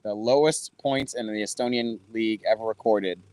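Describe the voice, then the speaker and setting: A man's voice: on the low side, steady tone, normal speed, darkish tone. Chatty man hosting a football watch party. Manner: loose and chatty, swears, talks to viewers. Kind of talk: casual live-stream chat. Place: backyard, later indoors.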